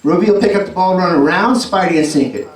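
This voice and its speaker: A man's voice: high-pitched, expressive, quick pace. A man with a New York accent performing a live dog trick show, chatting to the audience and cueing his dogs. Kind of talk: live stage show with commentary. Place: indoor venue with an audience. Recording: roomy live hall audio from far off with loud noise.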